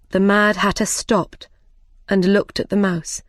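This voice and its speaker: A woman reading a storybook aloud in a slow, careful, plain way. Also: medium pitch, flat delivery, dry recording, clean studio sound.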